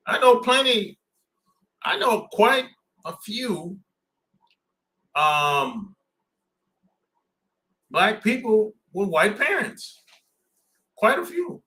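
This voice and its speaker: Brief: man, podcast host, bright lively voice, blunt slangy talk with frequent laughs. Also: sits high, drawn-out words, long pauses. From southern United States. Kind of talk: casual podcast chat.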